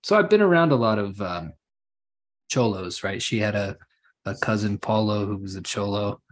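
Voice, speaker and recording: A man's voice: lowish voice, lively intonation, normal speed. A man hosting a podcast, telling rambling stories in a casual, profane way. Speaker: podcast host.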